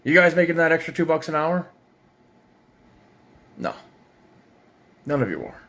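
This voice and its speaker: A man's voice: fairly high pitch, animated, unhurried, fairly bright tone. A young man from Ontario delivering an angry, sarcastic, swear-filled rant as a parent. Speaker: parent ranting on video. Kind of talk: profane political rant.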